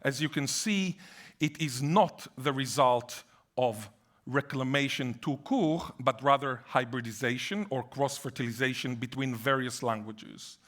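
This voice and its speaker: A man whose first language is Hebrew, giving an animated academic lecture on linguistics with playful asides. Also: mid-range voice, measured pace.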